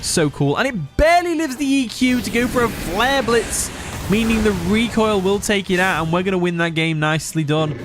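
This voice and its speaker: A man's voice: high voice, animated, moderate pace, music in the background. A young man from England, giving casual live commentary on a game, reading chat aloud and laughing often. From Nottinghamshire, England. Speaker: streamer.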